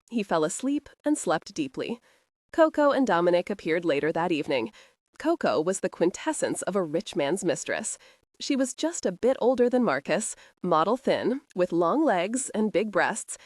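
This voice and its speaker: Expressive woman narrating an audiobook. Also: medium pitch, no echo, studio quality. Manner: expressive storytelling.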